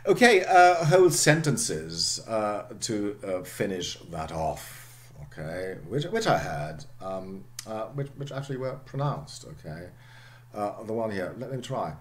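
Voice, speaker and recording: Lively low-voiced male lecturer. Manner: halting delivery, frequent "okay" and "uh". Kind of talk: recorded phonetics lecture.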